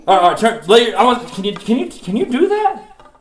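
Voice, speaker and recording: Goofy excited guy teaching kids at church, high lively voice, echoey room. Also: brisk. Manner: excited, goofy, lots of laughing and exclamations. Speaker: children's class teacher. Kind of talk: playful kids' Bible lesson. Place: church classroom.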